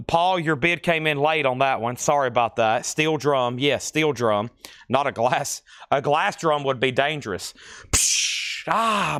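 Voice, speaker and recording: A man hosts a live record sale, listing each album's condition and price in a steady patter broken by chatty asides. His voice is smooth and clear, and sits a little high for a man. The sound is close and dry. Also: dry recording.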